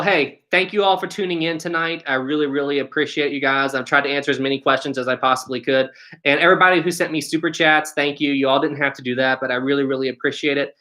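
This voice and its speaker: West Virginian man, 20s, live-stream host, bright tone, friendly and repetitive. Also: on the high side. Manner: friendly, repeats "really, really". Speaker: channel host.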